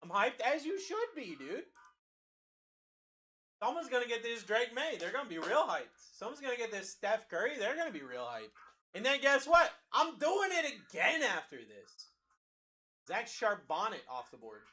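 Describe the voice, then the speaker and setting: Hyped man hosting a card break stream. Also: extremely high pitch. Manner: energetic, talks fast to chat, calls out players. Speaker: card break livestream host. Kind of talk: hyped live-selling patter.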